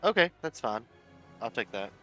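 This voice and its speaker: A man's voice: medium pitch, very animated, moderate pace, sharp tone, no room sound, soft background music. A man playing a tabletop game, talking tentatively as he checks the rules. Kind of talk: casual game chat.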